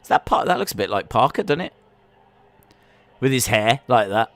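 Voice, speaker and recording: A man hosting a live wrestling watch-along stream. He calls the action with excitement, then answers chat questions in a relaxed, rambling way. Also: medium pitch, moderate pace, no room sound. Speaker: live-stream reaction host.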